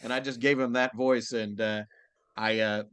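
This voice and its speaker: Male voice actor from Texas, mid pitch, dry close mic, lively anecdotal interview chat. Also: normal speed, clear, resonant tone, no room sound. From Texas, USA. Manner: animated anecdotal storytelling. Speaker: voice actor guest.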